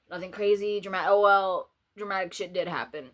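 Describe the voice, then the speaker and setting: A woman's voice: medium pitch, steady tone, brisk. A young woman vlogging, rambling and swearing casually as she eats spicy noodles, her mouth still burning. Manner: rambling, swears a lot, restarts often. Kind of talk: casual rant while eating.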